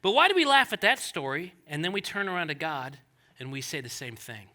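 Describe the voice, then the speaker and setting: A male pastor preaching a sermon in an animated, conversational way with jokey asides. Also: a little high, fairly quick.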